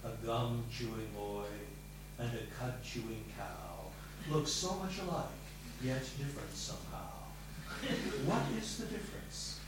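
A man voicing a stern old male army-veteran schoolteacher who recites slowly and solemnly. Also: medium pitch, lively intonation, very echoey, far from the mic, background noise, lightly acted. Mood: mock solemn.

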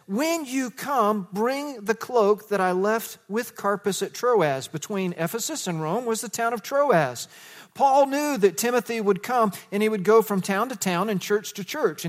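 A middle-aged male pastor giving a sermon in a conversational, storytelling way, with many rhetorical questions and casual asides. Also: sits high.

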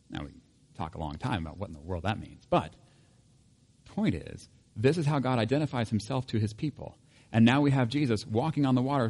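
A man's voice: medium pitch, darkish tone. A man preaching a sermon in a conversational way, with light humor and frequent self-corrections. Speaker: pastor.

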